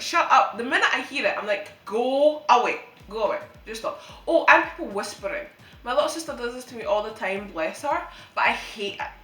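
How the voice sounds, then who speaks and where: A woman's voice: a little high, sharp tone. A young woman vlogging in a casual, jokey chat to camera, ranting about her pet peeves and swearing now and then. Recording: echoey room with faint background music.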